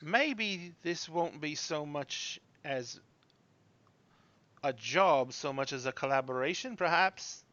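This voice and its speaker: A man's voice: on the high side, lively intonation, slow, pushed and bright, dry recording, lo-fi sound, full character voice. A man voicing an eager, proud young male journeyman smith in a tabletop game. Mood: self-assured.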